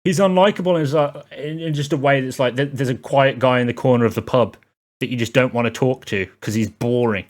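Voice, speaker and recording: A man's voice: medium pitch, fairly quick. A man giving a sarcastic, rambling spoken film review, full of exasperated asides.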